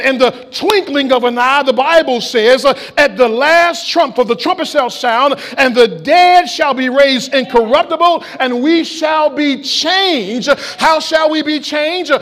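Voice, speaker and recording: A man preaching an impassioned Easter-style sermon in a church, calling out to the congregation. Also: very high voice. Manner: impassioned, shouting call-and-response preaching. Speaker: pastor. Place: church sanctuary.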